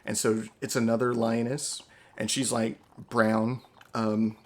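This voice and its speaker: A man's voice: mid-range voice, flat delivery, slow. A man narrating a tabletop role-playing game as game master, loose and chatty, with many fillers.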